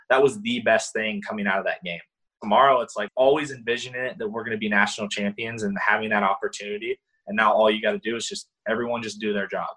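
A young man recounting his playing days as an interview guest, animated and excitable, full of "like" and "you know". His voice is bright and forceful, with a husky edge. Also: fairly low pitch, poor audio. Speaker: former college baseball player, guest. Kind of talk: casual interview storytelling.

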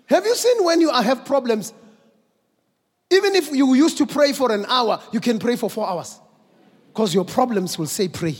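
Pastor, husky voice, unhurried sermon delivery that swells to shouts. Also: male voice, high-pitched. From South Africa. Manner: builds from quiet, slow teaching to shouted exhortation. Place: large church hall. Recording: long church hall reverb.

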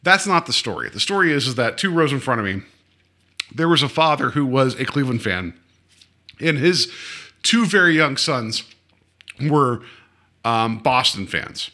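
A man's voice: medium pitch, animated, normal speed, pushed and bright. Rambling, tipsy man telling a story. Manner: rambling storyteller, lots of fillers and self-corrections. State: tipsy from drinking. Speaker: podcast co-host. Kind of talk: casual chat.

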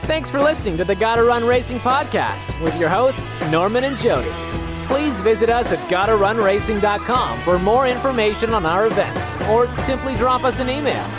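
Lively man announcer over loud guitar. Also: high voice, moderate pace. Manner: lively, promotional. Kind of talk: scripted outro announcement. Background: loud guitar music.

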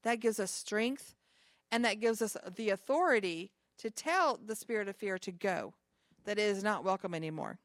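A woman's voice: medium pitch, moderate pace, no echo, studio quality. A woman pastor giving an informal sermon to a small group, talking conversationally with chatty asides between scripture readings.

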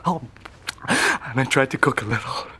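A man's voice: mid-range voice, wildly swooping pitch, moderate pace, bright, forceful tone, husky, heavily acted. An actor playing an unraveling young male killer confessing over the phone, rambling with nervous laughs and hesitations. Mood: manic confession. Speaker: film character.

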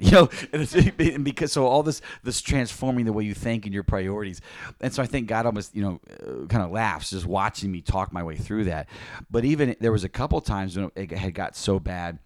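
A man's voice: lowish voice, no room sound, studio quality. A man who leads a ministry, talking candidly about prayer, rambling and restarting with self-mocking asides. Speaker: ministry leader and podcast co-host. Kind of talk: casual faith talk.

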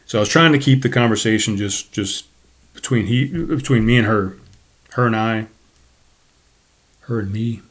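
A man's voice: fairly low pitch, normal speed, pauses often. A man hosting a podcast, telling a story from his bartending job in a rambling, profane way with frequent self-corrections. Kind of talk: casual storytelling monologue.

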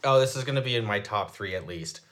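A young man co-hosting a podcast in casual chat, enthusiastic and quick to laugh. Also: lowish voice, lively intonation, a bit bright. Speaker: podcast co-host.

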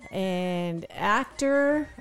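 A woman's voice: mid-range voice, lively intonation, very slow, smooth, faint music behind. Chatty, candid woman co-hosting radio. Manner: chatty, candid, laughs easily. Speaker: radio morning show co-host. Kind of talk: casual radio chat.

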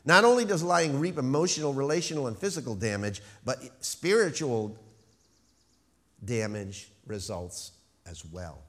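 A man preaching a sermon, stressing key words with slow, emphatic phrasing. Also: mid-range voice, lively intonation. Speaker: pastor.

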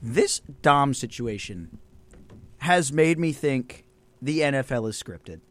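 Young man, loud ranting sports talk, lively swooping pitch, close dry mic. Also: slow pace, no room sound. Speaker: college radio co-host. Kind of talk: heated sports debate. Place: radio studio.

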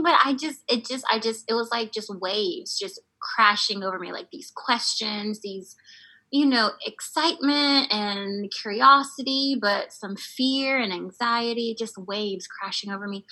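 Woman guest chatting, bright voice, kinda breathy, laughs a lot while telling her story. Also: on the high side, rough recording. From United States. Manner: animated, laughs often, many fillers. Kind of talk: casual storytelling.

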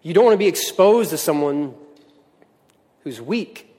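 A man in his thirties preaches a sermon, slightly high-voiced and earnest, building points through repeated phrases. His voice carries a long reverb from the hall around him. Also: expressive, measured pace, warm tone. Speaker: pastor.

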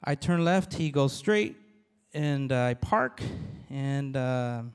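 A man, a police officer, giving a halting, earnest church testimony to a congregation, with many restarts. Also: medium pitch, animated, clean tone. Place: church hall. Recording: long reverb of a large hall.

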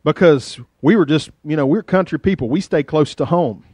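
A middle-aged man with a rural southwest Virginia accent, preaching a folksy, joking sermon that swings between loud and hushed. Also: on the high side, normal speed, dry recording, clean studio sound. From Virginia, USA. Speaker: pastor.

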